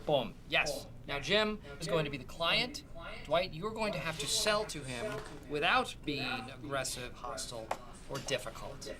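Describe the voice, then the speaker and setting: A man's voice: a little high, animated, moderate pace, music in the background, close to an everyday voice. Michael Scott, a man playing a showy office boss. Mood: bossy manager. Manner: bossy, showy, coaching. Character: bumbling self-important male office boss. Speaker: regional manager.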